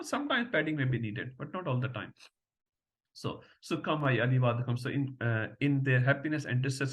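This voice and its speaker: Man teaching scripture, higher-pitched. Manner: storytelling, often adds a questioning "huh?". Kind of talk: devotional scripture lecture.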